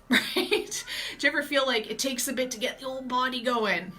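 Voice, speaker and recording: A woman who coaches on gut health speaks a little fast, offering advice straight to her viewers in a casual vlog. Her slightly high voice is bright and forceful, and she stays energetic and chatty throughout.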